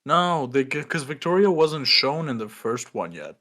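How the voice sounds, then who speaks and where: A man's voice: mid-range voice, big pitch swings, moderate pace, sharp tone. A man co-hosting a podcast in casual banter, swearing often and laughing through his retellings. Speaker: podcast co-host. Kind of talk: casual chat.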